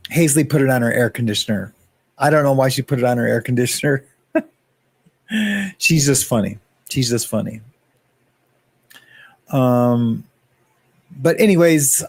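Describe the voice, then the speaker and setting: A man chatting loosely on his own livestream, greeting viewers one by one as he rambles between topics. His voice sits on the higher side, and the sound is dry and close with little room echo. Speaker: livestream host. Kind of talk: casual livestream chat.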